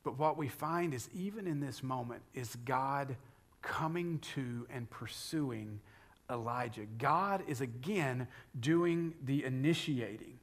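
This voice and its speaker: A middle-aged man preaching a sermon, building loudly on key points and dropping to a whisper for emphasis. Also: medium pitch, takes it slowly. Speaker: pastor.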